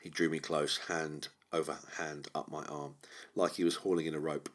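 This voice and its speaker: A man narrating a horror audiobook in a measured, brooding way. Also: rumbling low, flat delivery. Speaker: audiobook reader.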